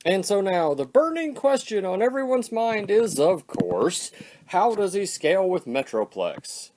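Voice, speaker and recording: Older male vlog host: lively pitch, rambling, self-deprecating delivery. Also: unhurried, a little hiss or hum. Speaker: toy reviewer. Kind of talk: casual vlog review.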